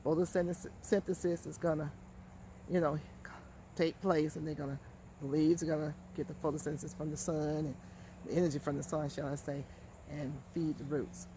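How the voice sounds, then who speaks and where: This gardening channel host from Georgia has a low, dark voice and a flat delivery at a moderate pace, with slight noise behind her. She presents a casual how-to vlog from her backyard garden, addressing viewers directly and repeating words for emphasis.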